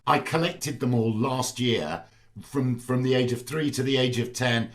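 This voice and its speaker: A middle-aged man chatting as a guest on a video call, telling family anecdotes in a relaxed storytelling way. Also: mid-range voice, measured pace, far from the mic. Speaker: actor guest. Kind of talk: casual video-call chat.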